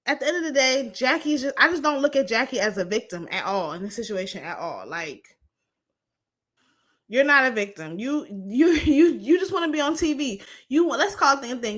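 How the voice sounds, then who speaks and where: Blunt, bright-voiced woman recapping TV. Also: on the high side. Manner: blunt, profane and sassy, quick asides. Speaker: reality TV recap commentator. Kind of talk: casual opinionated recap.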